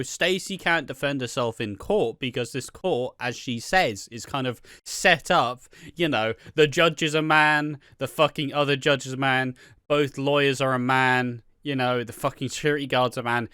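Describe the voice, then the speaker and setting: A man's voice: medium pitch, normal speed, pushed and bright, smooth, no echo, clean studio sound. A man co-hosting a podcast in casual chat, blunt, indignant and swearing freely. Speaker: podcast co-host.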